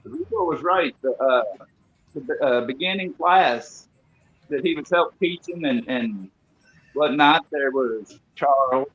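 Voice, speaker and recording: A man calling into a live show over a video call, speaking in a relaxed, hesitant way. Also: mid-range voice, takes it slowly. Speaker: guest calling in. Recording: dull lo-fi line from a remote call.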